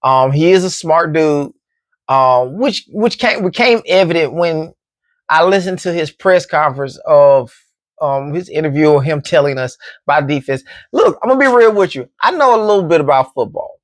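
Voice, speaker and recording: A man's voice: on the high side, animated, normal speed, no room sound, studio quality. A man hosting a casual football commentary show, laid-back and joking. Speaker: sports commentary host.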